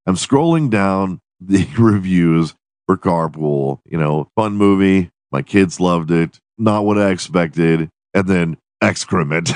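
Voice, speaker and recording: A man's voice: low voice, slow pace, a little mellow, no echo, clean studio sound. A man hosting his podcast in a profane, rambling, giggly solo monologue. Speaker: podcast host.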